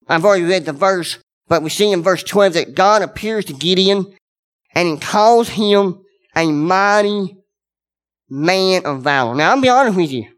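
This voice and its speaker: A man's voice: high-pitched, animated, normal speed, a bit bright. A man preaching a sermon, earnest and conversational, speaking directly to his congregation and repeating key words for emphasis.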